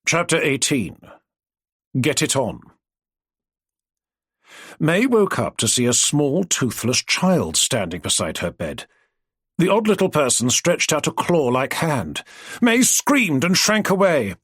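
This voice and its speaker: A man narrating an audiobook in an expressive storytelling manner. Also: fairly high pitch, takes it slowly, pauses often, husky, no echo, clean studio sound. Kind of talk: scripted narration.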